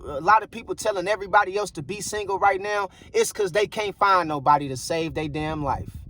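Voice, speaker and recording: Voice sitting high and fairly bright, a man delivers preachy, blunt relationship commentary in casual monologue form. He keeps repeating himself, with phrases like "bruh" and "I guarantee you."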